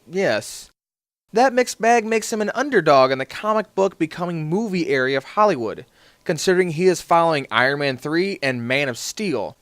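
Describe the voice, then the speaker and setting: A man's voice: fairly high pitch, a bit bright, no echo. A man narrating a scripted film review in a wry, sarcastic way.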